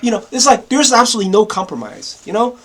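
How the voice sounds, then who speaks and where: A man with a notably high voice delivers a casual vlog rant. He rambles, doubles back on his words and stammers through restarts, with occasional profanity. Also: animated, fast, fairly bright tone. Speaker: vlogger. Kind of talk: casual ranting monologue.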